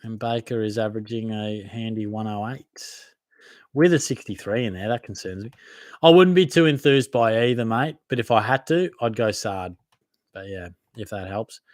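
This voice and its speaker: A man's voice: fairly low pitch, normal speed, no echo, studio quality. A young man with an Australian accent hosting a live Q&A, reading out viewer comments and answering in a casual, matey way, often laughing at himself. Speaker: fantasy football podcast host.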